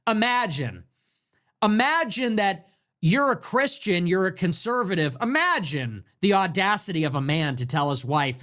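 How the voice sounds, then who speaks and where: A man's voice: high voice, sing-song, unhurried, bright, forceful tone. A man hosting a political commentary show, ranting sarcastically and mockingly and throwing around crude insults.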